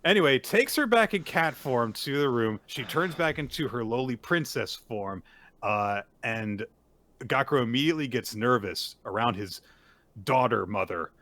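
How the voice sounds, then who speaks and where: A man's voice: medium pitch, animated, normal speed, sharp tone. A man co-hosting a manga recap podcast, recounting the chapter casually, swearing freely and acting out the characters. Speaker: podcast co-host.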